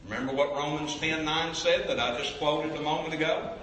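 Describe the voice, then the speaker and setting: Preacher guy, kinda high voice, booming around a big church, mic a ways off. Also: steady tone, fairly quick, fairly bright tone, slight background noise. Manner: emphatic, calls out to the crowd for responses. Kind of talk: evangelistic sermon. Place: large church sanctuary. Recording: echoey hall, from a distance.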